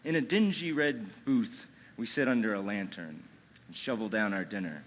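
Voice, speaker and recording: A man's voice: lowish voice, normal speed, fairly bright tone, slight background noise, poor audio. A man telling a true-feeling personal story live on a ballroom stage, in a conversational way with lots of "you know" and "like". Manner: amused, chuckles through the telling.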